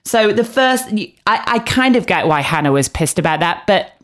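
A woman's voice: mid-range voice, lively intonation, moderate pace. A woman co-hosting a podcast, chatting casually and bluntly, swearing freely as she gossips about a show. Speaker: podcast co-host recapping a reality show. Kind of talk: casual chat.

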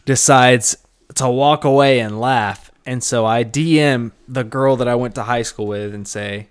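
A man's voice: medium pitch, measured pace, clean tone. A man in his twenties, a podcast co-host, telling a rambling, swearing story with laughs. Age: 20s. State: slightly tipsy. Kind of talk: casual storytelling.

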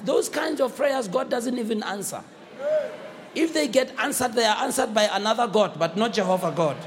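Man, preacher, sermon, call-and-response, lively up-and-down delivery, echoey church hall. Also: sits high, normal speed, noisy background. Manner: exhorting, call-and-response with the congregation.

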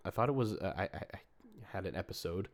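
A young man in casual chat, telling a story in a rambling, halting way, often laughing at himself. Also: deep voice, lively intonation. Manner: rambling, halting, laughs at his own stories. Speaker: co-host reading reviews.

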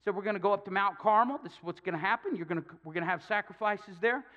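A man's voice: sits high, fast, fairly bright tone, dull audio. A male pastor preaching a sermon, telling a Bible story with jokes and acted-out quotes. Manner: storytelling with humor, acting out quotes.

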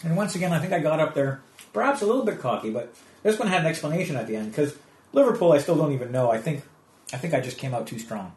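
A Canadian man, a stand-up comedian, chatting casually and telling stories with lively asides. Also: fairly high pitch, fast, echoey room. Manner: animated storytelling with restarts and quoted asides. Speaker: comedian guest. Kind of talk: casual conversation.

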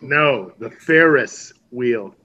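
Podcast host guy, sharp bright voice, tells dad jokes, dull lo-fi recording. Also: mid-range voice, lively intonation, extremely slow, a little hiss or hum. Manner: reads listener mail, tells corny jokes. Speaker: podcast host reading listener questions. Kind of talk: casual chat.

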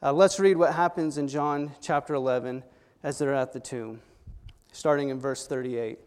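A man preaching a sermon, retelling a story with dramatic swings between hushed and loud delivery. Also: mid-range voice, fairly even intonation, normal speed, smooth. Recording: long hall reverb.

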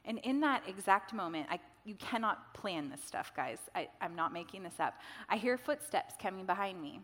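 Bright-voiced woman preaching in a reverberant hall. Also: mid-range voice, moderate pace. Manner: storytelling, animated, chatty asides. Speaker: pastor. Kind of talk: sermon.

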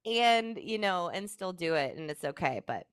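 A woman's voice: on the low side, big pitch swings, normal speed, clear, resonant tone, dry recording, studio quality. A woman guest on a podcast sharing personal stories in an earnest, heartfelt way, with many "like" fillers. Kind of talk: emotional personal storytelling.

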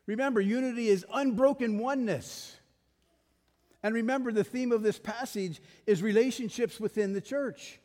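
Guy preaching with a high voice, pushes hard on his points, lots of reverb like a big hall. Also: a little mellow. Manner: emphatic, rhetorical questions to the congregation. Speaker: pastor. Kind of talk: sermon.

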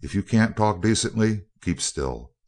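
A man reading a cold male scientist villain in a spoken story. He speaks in a very deep voice, with a cool, even, clipped delivery. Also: unhurried. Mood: coldly calm. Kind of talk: audiobook character voice.

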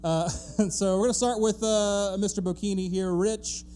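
Playful, mellow high-voiced male co-host. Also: fairly even intonation, moderate pace, slight background noise. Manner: playful, hypes the crowd. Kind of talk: live podcast chat. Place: theatre stage before a live audience.

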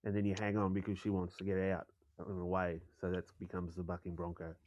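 A man's voice: low voice, monotone, quick pace, a little mellow, no room sound, dull audio. A man on a casual podcast, telling crude bits and rambling with fillers. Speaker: podcast co-host.

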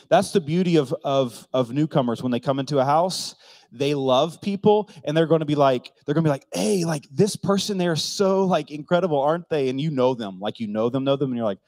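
Joking and conversational, this pastor's sermon asks the crowd questions and plays out quoted voices in character. He speaks with a fairly high, somewhat mellow voice on a dry recording.

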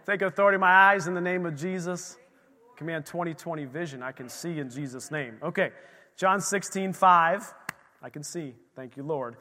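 A man's voice: fairly high pitch, a little fast, bright, forceful tone. A middle-aged man preaching a sermon to a church congregation. He talks in a loose, conversational way and acts out little scenes of dialogue. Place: church sanctuary. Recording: long hall reverb.

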